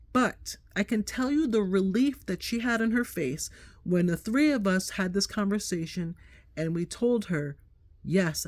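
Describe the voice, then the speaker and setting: A middle-aged woman vlogging, telling a story in a chatty, animated way and acting out what people said. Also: lowish voice, dry recording. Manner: animated, chatty, acts out quotes. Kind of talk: casual storytelling to camera.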